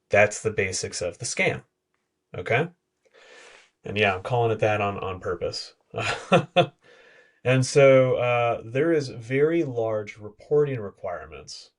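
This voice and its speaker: A man appearing as a podcast guest, explaining with detailed examples and blunt asides. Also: fairly low pitch. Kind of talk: conversational podcast discussion.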